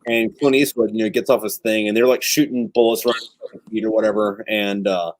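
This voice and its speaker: A man's voice: lowish voice, steady tone, fairly quick, dry recording. A man in casual chat, telling long rambling stories and swearing freely. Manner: rambling, profane storytelling.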